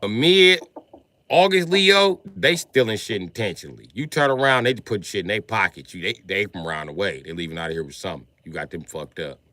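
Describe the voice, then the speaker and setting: A man doing a profane comedic rant on a livestream, jumping between loud shouted bits and low mumbled asides. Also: lively intonation, a little fast. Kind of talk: comedic rant with acted-out voices.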